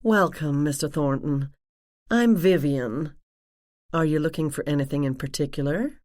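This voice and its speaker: A woman's voice: low voice, normal speed, a little mellow, no echo, clean studio sound, natural voice. A woman narrator voicing a cool, posh female gallery receptionist with a drawling, chilly manner.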